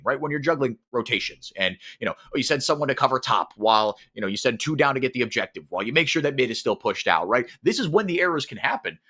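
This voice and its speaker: Animated, bright-voiced male esports caster. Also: mid-range voice, husky. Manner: rapid, animated calling with frequent repeated words. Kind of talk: live esports play-by-play commentary.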